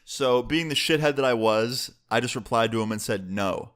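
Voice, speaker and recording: Young man, casual storytime, swearing a lot, voice leaps up high when excited. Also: normal speed. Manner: animated, profane storytelling with sudden jumps in pitch. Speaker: vlogger telling a story.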